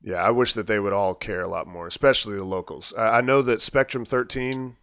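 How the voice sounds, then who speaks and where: A man's voice: fairly low pitch, fairly quick, fairly bright tone, no echo, studio quality. A man hosting a casual live show, chatty and easygoing, with frequent fillers and laughs. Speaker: podcast host. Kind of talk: casual chat.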